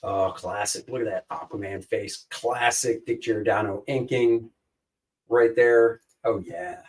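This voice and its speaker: A man's voice: on the low side, fairly even intonation, unhurried, far from the mic, low-quality recording. A man co-hosting a casual chat show, rambling and joking as he pages through comics. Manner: jokey, rambling, flips voices for quotes. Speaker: co-host.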